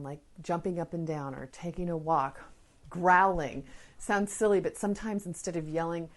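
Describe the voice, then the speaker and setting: A woman hosting a parenting podcast, giving advice in an earnest, conversational way and speaking directly to her listeners. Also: on the low side. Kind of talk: casual advice talk. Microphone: podcast microphone.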